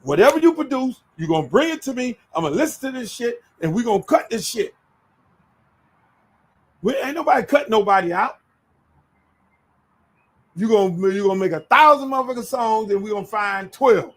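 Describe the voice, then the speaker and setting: High, animated man telling stories. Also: normal speed, pauses often, low-quality recording. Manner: animated, profane, acts out voices in his stories. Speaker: show host telling stories. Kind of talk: casual storytelling.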